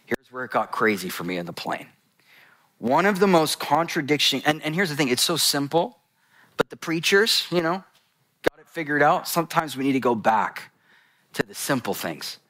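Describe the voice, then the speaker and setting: A man's voice: mid-range voice, normal speed. A man preaching a sermon to a congregation, telling stories with jokes and asides. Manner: animated storytelling, addresses congregation, jokes.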